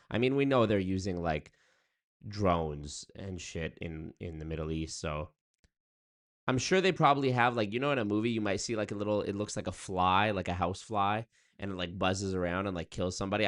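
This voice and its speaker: Deep-voiced man streaming casually. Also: a little fast, a bit bright. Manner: loose, rambling, profane. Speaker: streamer reacting to chat. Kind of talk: casual livestream chat.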